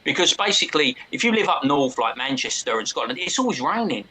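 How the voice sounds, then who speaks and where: An Englishman with a bright, tense voice co-hosts a casual stream. He talks bluntly and grumbles with a dry edge, dropping "mate" into his chat. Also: fairly high pitch, sing-song, fast talker, husky, rough recording. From England. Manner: blunt, complaining, says mate. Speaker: co-host.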